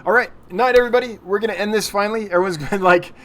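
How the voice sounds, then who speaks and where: A man's voice: high voice, racing. A man hosting a weekly livestream, chatting casually as he answers viewer questions and laughs at his own slips. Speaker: livestream host.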